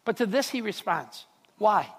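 A pastor delivers a sermon in a big hall whose long reverb fills the recording. His husky, medium-pitched voice swings widely in pitch at a slightly slow pace, and he talks conversationally, repeating words and checking in with the audience.

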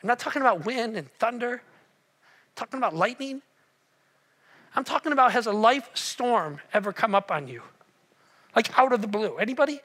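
A male pastor delivers a sermon in a very high, bright voice. He tells the story with animated energy, swinging between loud passages and hushed ones. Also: moderate pace, long pauses.

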